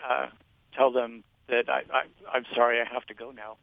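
A man's voice: medium pitch, flat delivery, moderate pace, gravelly, dry recording. A man calling in to a radio show, speaking hesitantly over a phone line. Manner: hesitant, with restarts and "uh"s. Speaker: caller. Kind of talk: casual chat.

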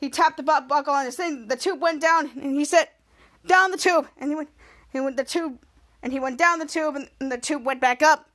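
A woman with a high voice hosts a casual podcast recap. She narrates each scene in a loose, rambling run, stumbling over words and restarting mid-sentence as she goes. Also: fairly even intonation, a little fast, a bit bright. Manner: rambling scene-by-scene retelling with self-corrections. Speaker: podcast host.

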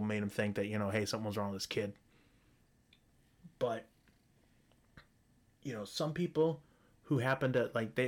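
A man delivering a blunt, foul-mouthed solo rant. He stumbles and restarts his sentences as he goes. His pitch sits in the middle range for a man. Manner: profane, blunt, ranting.

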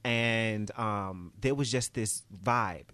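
Bright-voiced male podcast host. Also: on the low side, slow pace, dry recording. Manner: candid, laughs often, many fillers. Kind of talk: casual chat.

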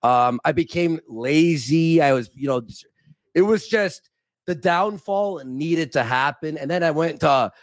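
A man's voice: fairly high pitch, measured pace, no room sound. A young man from Canada in casual livestream chat, rambling and getting heated, swearing and stumbling over restarts. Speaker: streaming guest.

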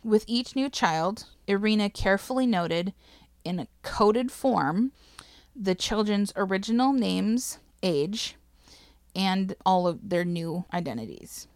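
A woman's voice: medium pitch, animated, slow, darkish tone, no room sound, clean studio sound. A woman casually telling a history story to a co-host, swearing freely, laughing and getting emotional.

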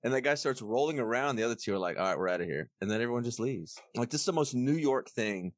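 Lively Texan man telling stories. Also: medium pitch, dry recording, studio quality. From Texas. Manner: animated storytelling with quick put-on voices. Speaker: podcast host. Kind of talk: casual chat.

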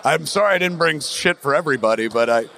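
A man's voice: fairly high pitch, expressive, quick pace, creaky, pushed and bright, slight background noise. A middle-aged man from New Jersey, hosting a podcast live on a theatre stage and telling a long, profane story with acted-out quotes. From New Jersey, USA. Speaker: podcast host.

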